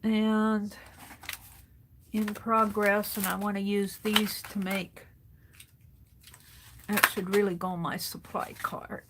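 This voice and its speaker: Woman host, unhurried and chatty, talking to herself and viewers at her craft desk; faint background noise. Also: mid-range voice, little pitch movement. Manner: chatty, thinks aloud, greets viewers. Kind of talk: casual chat while sorting craft supplies.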